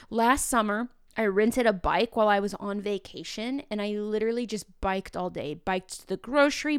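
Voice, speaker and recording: A young woman hosts her own unedited podcast, speaking candidly and encouragingly to her listeners with an emotional edge. Her voice sits a bit high, and the close microphone gives a dry sound with no room around it. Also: no room sound. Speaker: podcast host. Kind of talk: unedited solo podcast talk.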